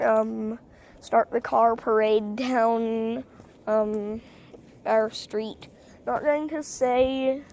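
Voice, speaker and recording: A woman's voice: fairly high pitch, mellow. A woman vlogging casually outdoors on a street into a phone, rambling and hesitant with many ums. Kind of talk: casual vlog.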